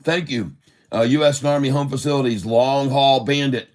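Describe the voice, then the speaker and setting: A man's voice: mid-range voice, fairly even intonation, normal speed. A man chatting to viewers on a live stream, calling out stock prices in runs and calling them folks. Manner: reads out price numbers in runs. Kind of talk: live-stream trading commentary.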